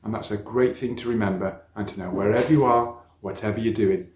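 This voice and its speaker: A man's voice: lowish voice, steady tone, fairly quick, darkish tone, a little hiss or hum. Man telling a children's sermon. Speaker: speaker at a church youth talk. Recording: echoey church room.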